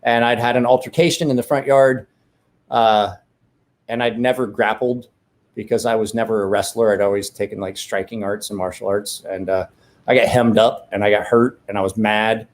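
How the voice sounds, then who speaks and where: A man hosts a casual livestream from home, drinking a beer while telling rambling, profane stories. He keeps restarting and correcting himself. His voice is on the low side, with a steady tone and moderate pace.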